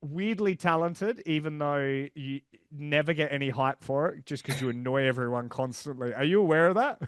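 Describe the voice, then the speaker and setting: A man's voice: on the high side, normal speed, clear, resonant tone. A young man hosting a casual interview, bantering with a lot of filler words. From Australia. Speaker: podcast host.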